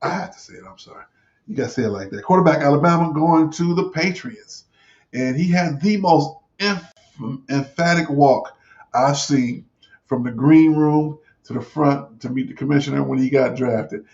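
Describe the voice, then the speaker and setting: Man, sports talk host, gravelly voice, rambling casual commentary, dull lo-fi sound. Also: fairly high pitch, normal speed, a little mellow. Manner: rambling, many fillers and restarts. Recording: dull lo-fi recording.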